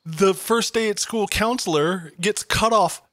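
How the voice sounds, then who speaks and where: A man's voice: sits high, unhurried, sharp tone, dry recording, clean studio sound. A man co-hosting a podcast in casual chat, joking sarcastically and swearing now and then. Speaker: podcast co-host.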